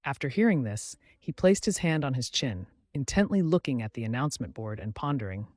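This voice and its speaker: A man's voice: medium pitch, lively intonation, fairly quick, a little mellow, no echo. A man narrating a comic story recap in a scripted storytelling style.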